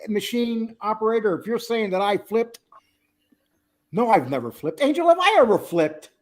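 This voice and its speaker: A man's voice: sits high, very animated, normal speed. A male livestream host chatting casually, joking and teasing as he reads the chat aloud.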